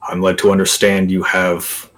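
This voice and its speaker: A man's voice: sits low, monotone, moderate pace, a bit bright. A man voicing a stern, cold male warrior in a tabletop game, with blunt, short lines. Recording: distant mic.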